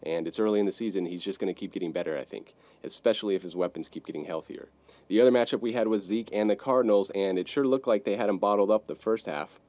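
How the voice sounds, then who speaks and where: A man with a lowish voice hosts a sports podcast, ranting in a brash, foul-mouthed way. He swings between loud outbursts and low, muttered asides. The sound is close and dry. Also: fast talker, no echo. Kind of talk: casual sports podcast rant.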